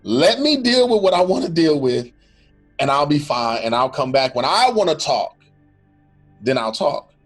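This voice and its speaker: His voice a little high with a breathy edge, a podcast co-host reflects earnestly in a casual faith-based talk, frequently imagining aloud what someone might say and restarting his sentences.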